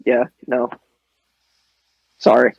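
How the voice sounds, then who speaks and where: A man's voice: drawn-out words, darkish tone, dry recording, highs cut off. Young male podcast host, earnest, swears casually, wanders off on tangents, dry close recording. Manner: earnest, profane, digressive. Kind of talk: casual chat.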